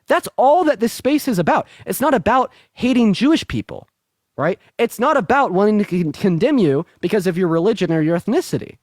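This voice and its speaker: Combative male streamer, lively pitch. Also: brisk, no echo, studio quality. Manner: combative, interrupting, repeats himself. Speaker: livestream host. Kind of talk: heated live debate.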